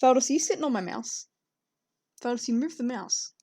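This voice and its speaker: A young woman streams herself drawing fan art, chatting casually, rambling, giggling, and talking to her cats. Her fairly high voice is animated, brisk, and mellow with a breathy edge, and there's no echo.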